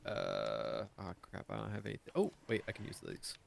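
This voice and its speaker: Gravelly-voiced joking man gamer. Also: low-pitched, huge pitch swings, moderate pace. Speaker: player in a game role-play stream. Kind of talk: casual gaming chat.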